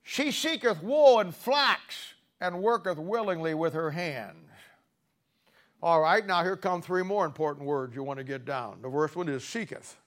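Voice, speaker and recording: A male preacher delivering a sermon with a slightly high voice. He talks in a folksy, conversational way, then jumps into sudden loud, animated bursts before dropping back down.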